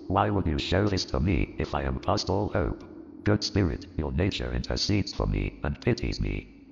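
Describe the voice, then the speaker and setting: A man playing an old miserly man turned joyful and repentant, with a gravelly voice and a theatrical, animated delivery in an audio drama. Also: exaggerated voice. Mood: pleading. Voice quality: gravelly, very deep. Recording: reverberant, dull lo-fi, faint music.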